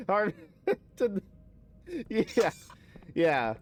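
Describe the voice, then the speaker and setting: A man's voice: high voice, big pitch swings, very slow. A young American man streaming a game, chatting casually in a rambling, profane way and slipping into mock-outraged rants. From United States. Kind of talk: casual gameplay chat.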